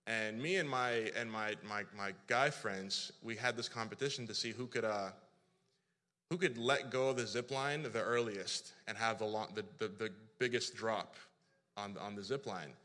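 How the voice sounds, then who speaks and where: Preacher, bright voice, lively self-mocking storyteller, big reverberant hall. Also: male voice, lowish voice, normal speed. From South Africa. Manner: animated, self-deprecating, frequent restarts. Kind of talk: storytelling sermon.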